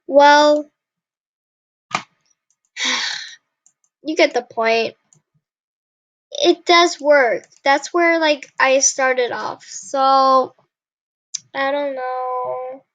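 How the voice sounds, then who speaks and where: This gaming channel host is a young woman who casually narrates her play, frequently frustrated and saying sorry to her audience. She speaks in a high, steady, slightly bright voice, very slowly and with frequent pauses. The lo-fi recording sounds dull and carries no echo.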